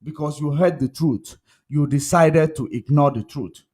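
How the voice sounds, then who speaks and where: A man with a fairly high voice delivers a fervent commentary monologue. He talks emphatically and repeats his points, pressing the listener with rhetorical questions. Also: a little slow, a little mellow, slightly rough. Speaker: commentary vlogger.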